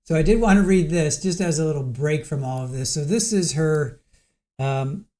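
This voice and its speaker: A man hosting a casual livestream about a trial, chatty and giggly, reading aloud haltingly. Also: fairly high pitch, a little mellow. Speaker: trial commentary host.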